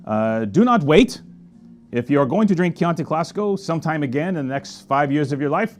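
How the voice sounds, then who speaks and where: A man's voice: a little high, animated, brisk, soft background music. A man hosting a casual wine tasting review, talking enthusiastically with chatty asides and tasting murmurs. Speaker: wine merchant host.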